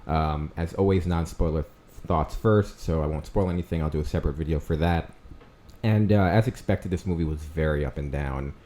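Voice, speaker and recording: Low-voiced man in his thirties reviewing films. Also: darkish tone. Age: 30s. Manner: conversational, frequent fillers and restarts, emphatic rises on key words. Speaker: movie review host. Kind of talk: casual spoken movie review.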